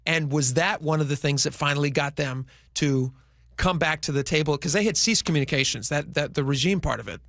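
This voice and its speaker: Radio co-host, male, gravelly and a bit high, loose rambling delivery, dry studio sound. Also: brisk, fairly bright tone, dry recording. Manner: rambling, restarts thoughts, conversational. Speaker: radio talk show co-host. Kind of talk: casual talk radio chat. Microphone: studio microphone.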